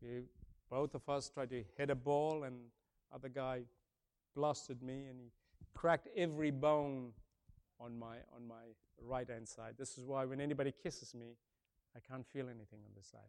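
A man over fifty from Africa preaching a sermon, booming on key points, then dropping low and soft, and repeating his phrases. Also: fairly even intonation, normal speed, clean tone. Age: older, over fifty. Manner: swings between booming emphasis and hushed softness, repeats key phrases.

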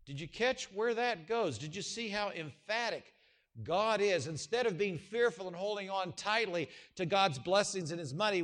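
A man preaching a sermon, swinging between hushed, low passages and loud, emphatic call-and-response questions to the congregation. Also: animated, brisk. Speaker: pastor.

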